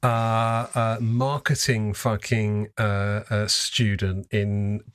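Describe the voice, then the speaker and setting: Low-voiced man, halting and amused. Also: flat delivery, no echo, studio quality. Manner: hesitant with many fillers, laughing easily. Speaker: podcast host. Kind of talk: casual chat.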